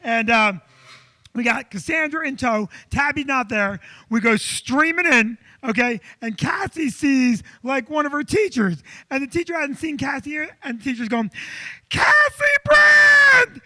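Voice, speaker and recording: A man co-hosting a live comedy show, telling a long church story with loud acted-out quotes. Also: extremely high pitch, moderate pace, no echo. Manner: animated, loud, acts out quotes. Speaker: comedian co-host. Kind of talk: comic storytelling.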